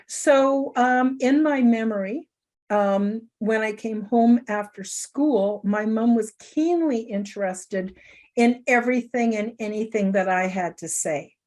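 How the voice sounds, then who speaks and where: A woman's voice: a little high, slow, a little mellow. A middle-aged woman hosting a talk show, telling a personal story in an earnest, emotional way. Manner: earnest, emotional, tearful at times. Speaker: show host.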